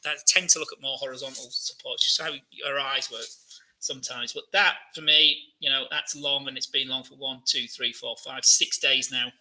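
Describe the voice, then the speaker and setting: A man hosts a live trading Q&A, walking through charts in a chatty style full of fillers and questions for his viewers. His mid-range voice is steady and sharp at a normal speed, and the recording is rough. It's live-stream market commentary.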